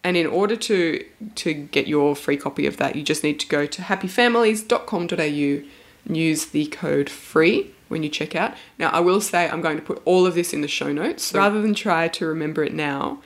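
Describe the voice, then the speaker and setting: A woman's voice: deep voice, moderate pace. A woman hosting a casual podcast chat, talkative and laughing often, a little spaced out. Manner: chatty, laughs often, reads listener offers. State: a little medicated, sounds spaced out. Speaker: podcast host.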